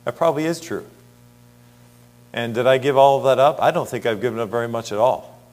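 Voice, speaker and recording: A man's voice: medium pitch, brisk, a little mellow. A middle-aged man preaching an earnest Bible sermon, asking the congregation rhetorical questions and reading scripture aloud.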